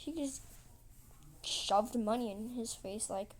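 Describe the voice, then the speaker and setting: A woman's voice: fairly high pitch, takes it slowly, pauses often, slight background noise. A woman telling a rambling story casually while drawing, repeating herself and acting out quotes with lots of "like". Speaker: channel host.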